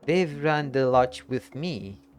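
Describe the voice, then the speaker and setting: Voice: medium pitch, lively intonation, very slow, faint music behind. A streamer reading game dialogue aloud in character, voicing a welcoming, formal lodge keeper with a put-on accent. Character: cheery lodge keeper hosting a guest by a volcano.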